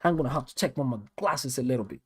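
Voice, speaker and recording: A man's voice: mid-range voice, fast, husky, dry recording, clean studio sound. A man with a South African accent teaching a live online maths lesson, repeating each step and talking straight to his viewers. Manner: animated, repeats steps, talks straight to viewers. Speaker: maths tutor.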